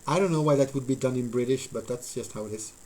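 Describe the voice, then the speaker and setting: A man's voice: mid-range voice, fast, darkish tone, rough recording. A man live-streaming while he builds a model, thinking aloud in a rambling, filler-heavy way and chatting with his viewers. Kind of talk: casual live-stream chat while crafting.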